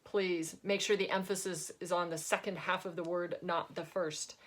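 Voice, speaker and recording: A woman's voice: fairly low pitch, fairly even intonation, moderate pace, lightly acted. A woman voicing a stern, condescending older matron who speaks in a haughty, clipped way.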